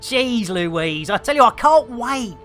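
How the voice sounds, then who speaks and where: A man's voice: extremely high pitch, lively intonation, slow, sharp tone, faint music behind. A middle-aged man with an English accent chatting casually and animatedly while streaming, swearing freely and ranting. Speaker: game streamer.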